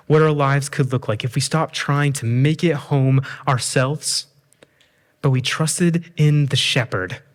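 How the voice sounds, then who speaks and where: Earnest man preaching a sermon. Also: medium pitch. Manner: earnest, asks the listener many questions; paints everyday scenes for the listener.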